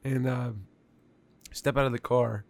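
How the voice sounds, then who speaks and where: A man telling a story in casual conversation, animated and profane, with lots of filler words. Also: medium pitch, measured pace, gravelly, dry recording.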